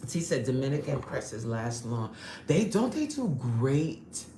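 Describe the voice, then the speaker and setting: A woman's voice: very deep voice, very animated, a little slow, mellow, roomy sound, slight background noise. A woman hosting a casual live stream, chatting animatedly with her viewers, laughing often and greeting them by name. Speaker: live-stream host reading chat.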